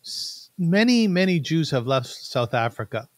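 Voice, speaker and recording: Canadian guy hosting an interview, chatty, kinda high voice, dry sound. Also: big pitch swings, a little slow, dry recording. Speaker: podcast host. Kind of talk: casual interview.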